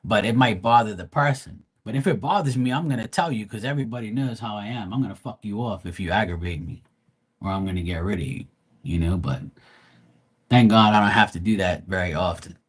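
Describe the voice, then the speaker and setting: A man's voice: fairly low pitch, brisk, husky. A man who reads tarot live, chatting casually with his viewers in a blunt, profane, slangy and rambling way. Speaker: live tarot reader and streamer. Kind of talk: casual livestream chat.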